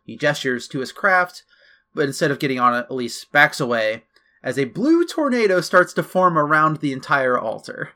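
Host, casual man recapping a game plot, bright forward voice. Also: a little high, big pitch swings, normal speed. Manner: chatty, loose recap with fillers and asides. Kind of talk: casual chat.

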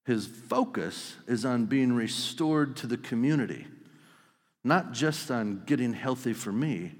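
A man preaching a sermon, telling the story vividly and swinging between loud outbursts and hushed lines. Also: medium pitch, lively intonation, a little slow, in a large hall. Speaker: pastor.

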